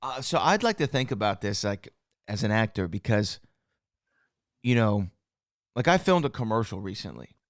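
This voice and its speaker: A man's voice: on the low side, moderate pace, long pauses, dry recording, studio quality. A man with a Southern American accent, co-hosting a podcast in a casual, chatty way. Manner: relaxed, chatty, frequent fillers. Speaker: podcast co-host. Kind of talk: casual chat.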